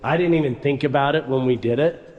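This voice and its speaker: A man's voice: medium pitch, fast, muffled recording. A man chatting casually on a vlog about his workshop build, talking in an easygoing, joking way. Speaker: vlogger. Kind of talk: casual chat. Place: unfinished shop building. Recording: echoey roomy shop with long reverb.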